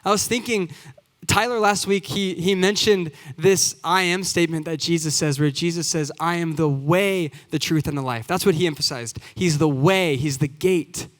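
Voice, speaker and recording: A youth pastor in his twenties preaches an earnest sermon in a church sanctuary, working up to emphatic repeated phrases. His voice is slightly high and moves at a moderate pace. Long hall reverb fills the recording.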